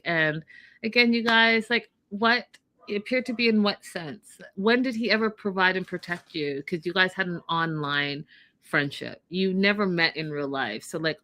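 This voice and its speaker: Bright-voiced lady co-host going off about a reality show episode, opinionated. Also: lowish voice, dry recording. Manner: opinionated, acts out quotes from the episode. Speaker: podcast co-host. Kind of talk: casual reality TV recap.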